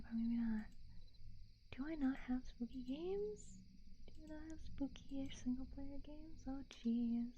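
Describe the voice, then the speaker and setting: A woman talking in a soft whisper, rambling and thinking out loud in a casual whispered chat, recorded on a binaural dummy-head mic. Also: sits high, measured pace, dull audio, slight background noise. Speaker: ASMR streamer.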